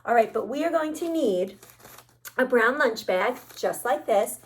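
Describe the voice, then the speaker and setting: A woman librarian leading a children's story time, talking slowly and cheerfully to young children. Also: fairly high pitch, lively intonation. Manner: slow, cheerful teacherly talk to young children. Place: library program room. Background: backing music of a children's song.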